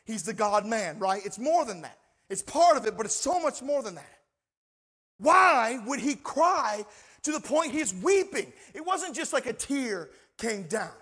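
A man preaching a sermon as pastor, impassioned, moving between shouted lines and hushed, quiet passages. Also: very high-pitched, very animated, measured pace, breathy edge.

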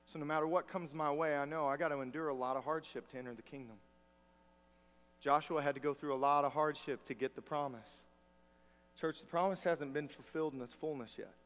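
A man preaching a sermon as pastor, earnest with wry humor, moving between loud emphasis and quiet asides. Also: a little high, steady tone, fairly quick. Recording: long hall reverb.

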